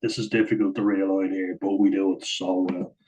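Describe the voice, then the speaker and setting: Breaking down rugby footage in a casual, chatty voice-over, this analyst often says "like" and laughs at his own asides. He speaks briskly in a low, level, warm voice. The recording quality is poor.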